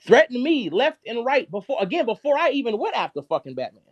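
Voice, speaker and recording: High-pitched man in a profane rant. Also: sing-song, fast talker, no echo, dull audio. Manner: heated, profane, cursing constantly; shifts abruptly between loud and quiet. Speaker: live stream host. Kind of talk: angry rant on a live stream.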